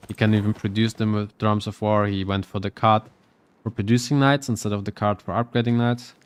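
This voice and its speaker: A man with a lowish, smooth and resonant voice commentates a live strategy game match. His play-by-play is loose and relaxed, as he thinks aloud about each move while it happens. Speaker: esports caster.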